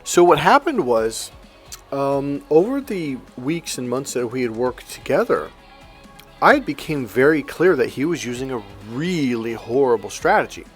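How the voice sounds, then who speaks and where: Male life coach, animated storyteller, average pitch, soft music bed underneath. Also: a little slow. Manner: animated storyteller, acts out both sides of dialogue. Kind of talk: coaching monologue with anecdote.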